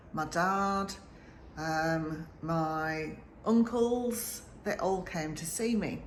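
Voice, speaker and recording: A woman in her fifties from the north of England, a sleep consultant telling a personal story in an earnest, halting way that turns emotional. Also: lowish voice, slight background noise. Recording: roomy echo with faint ambience.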